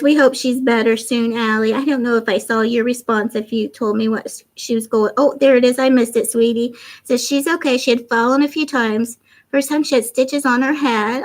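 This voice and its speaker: A middle-aged woman with a slightly high voice hosts a craft livestream, chatting casually and warmly while reading viewers' comments aloud. The recording is rough.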